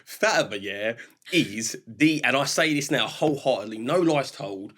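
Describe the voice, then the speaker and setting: A man in his thirties chatting casually as a guest, telling lively stories, laughing often and acting out his own reactions. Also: mid-range voice, normal speed. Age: 30s. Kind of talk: casual chat.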